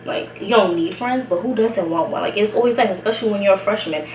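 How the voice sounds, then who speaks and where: A young Brooklyn vlogger rattles off a casual storytime, chatty and full of slang, laughing often and sounding slightly breathless. Her mid-pitched, somewhat mellow voice moves fast and carries through an echoey room from a bit away from the mic, with faint hiss.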